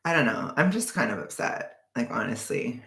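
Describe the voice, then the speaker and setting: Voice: mid-range voice, sing-song, moderate pace, sharp tone. A young adult vlogger in casual chat, rambling and joking between frequent laughs. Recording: echoey room.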